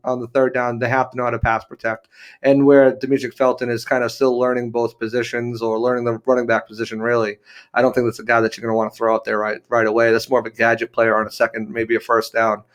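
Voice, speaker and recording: Male football reporter guest, mid-pitched, calm, steady, casual analysis. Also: clear, resonant tone. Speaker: team news reporter guest.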